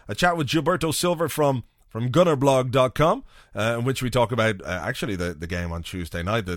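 A man hosts a solo podcast in a loose, rambling monologue. He swears freely and tells his stories with a wry edge. His voice sits at an ordinary pitch, and the recording is dry and close, with no room echo. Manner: rambling, profane, wry storytelling. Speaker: podcast host.

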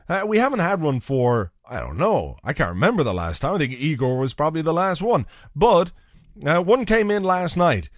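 Brief: male podcast host, animated delivery, dry studio sound, jokey. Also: mid-range voice, dry recording. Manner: wry, chatty asides. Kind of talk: casual podcast chat.

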